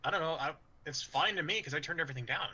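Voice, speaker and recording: A man's voice: fairly high pitch, very fast, pushed and bright, husky. A man chatting on a livestream, bantering bluntly and crudely. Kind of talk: casual chat on a livestream.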